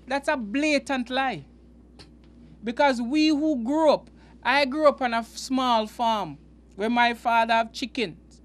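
High-voiced man preaching with halting emphasis. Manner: halting, repeats words, earnest and emphatic. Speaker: preacher and host. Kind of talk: unscripted Bible teaching.

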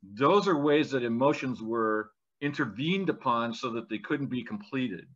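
A man's voice: mid-range voice, unhurried, a bit bright. A man co-hosting a talk show, thoughtfully explaining ideas in a conversational way. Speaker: podcast co-host. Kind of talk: conversational discussion. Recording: dull lo-fi sound.

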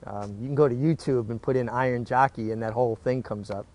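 A man's voice: medium pitch, fast talker, over loud music. New man telling his story. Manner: animated storyteller with frequent restarts. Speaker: former jockey, interview guest. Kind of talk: casual interview storytelling.

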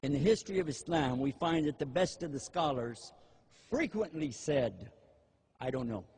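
Animated older man preaching with mimicry. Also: normal speed. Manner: animated, mimics eager voices in high pitch. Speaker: Muslim preacher. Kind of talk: lecture with acted-out asides.

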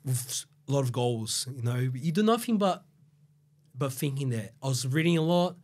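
Mid-range and a little mellow, his voice has lively intonation and a normal speed. He grew up in Australia after being born in Brazil, carries an Australian accent, and tells his story as a podcast guest in a casual interview, loose and rambling with lots of swearing and fillers.

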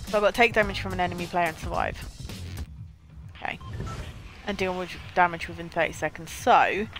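A young woman giving chatty, excitable commentary while streaming a game. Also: medium pitch. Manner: chatty, excitable, talking to herself. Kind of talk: casual live gameplay commentary.

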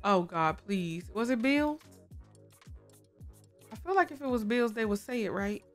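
A woman's voice: fairly high pitch, animated, a little slow, faint music behind. Chatty woman narrating her gameplay. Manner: chatty, exclaiming, talks to viewers and game characters. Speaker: gaming YouTuber. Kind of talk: casual game commentary.

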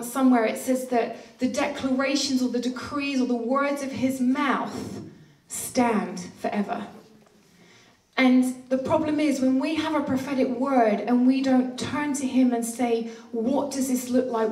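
A woman preaching a passionate sermon, with playful laughs and hushed asides. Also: on the high side. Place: church hall. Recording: roomy church hall, distant mic.

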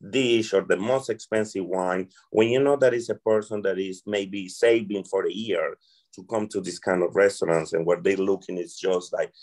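A man's voice: on the low side, darkish tone. A man from Colombia with a Colombian Spanish accent, a restaurant server answering interview questions earnestly and acting out exchanges with guests.

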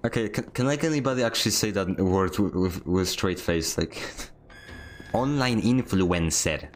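A man's voice: sits low, expressive, fairly quick, slight background noise. Joking young man streaming a game. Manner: joking, rambling and self-mocking, laughs often. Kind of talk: casual gaming stream commentary.

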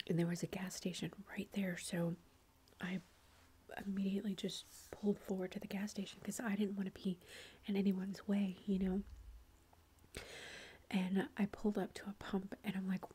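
A woman's voice: mid-range voice, level tone, moderate pace, darkish tone, slight background noise. A woman whispering a long rambling story as an ASMR chat, with lots of fillers. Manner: breathy whispering throughout. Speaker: ASMR creator.

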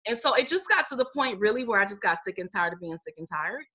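A woman's voice: medium pitch, sing-song, fast, bright, forceful tone, slightly rough. A middle-aged woman, a life coach, telling her own story in a casual interview and acting out what people said. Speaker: guest, life coach and healer. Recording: muffled lo-fi audio.

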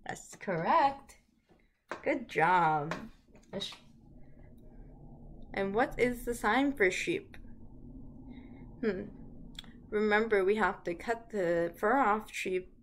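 A woman hosting a children's lesson video, talking gently to small children and making sing-song animal noises. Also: medium pitch, slight background noise. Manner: slow, bright voice, sing-song animal noises for little ones. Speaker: early childhood teacher.

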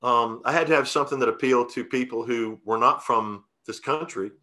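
A man chats in an unhurried, folksy way, circling back through restarts and fillers as he tells a story. His voice sits at an ordinary middle pitch. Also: sharp tone. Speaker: guest singer-songwriter. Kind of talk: casual interview storytelling.

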